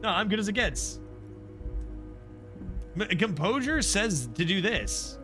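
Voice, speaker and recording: A male gaming streamer talks through his play in an excitable, self-mocking way. His voice is bright and fairly high, leaping around in pitch. Faint game music sits behind him. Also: slow. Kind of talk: casual gameplay commentary.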